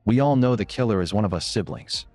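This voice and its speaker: A man narrator voicing an earnest young princess in a recap story, raising his pitch. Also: animated, fast, a little mellow, dry recording, faint music behind.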